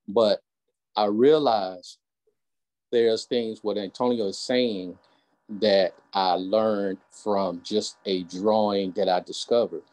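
Caller: low-pitched Southern US man, halting, walks people through steps. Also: steady tone, a little mellow. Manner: halting, explains step by step. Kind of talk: casual group call.

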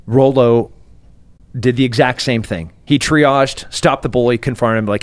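A man's voice: measured pace, no echo. A man talking casually as a podcast guest, telling stories and acting out quoted voices. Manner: animated storyteller, acts out quotes with big pitch jumps.

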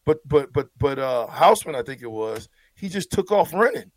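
A man's voice: on the high side, very animated, normal speed. A man, a former player, breaking down a football game in blunt, emphatic casual talk, often stumbling over repeated words.

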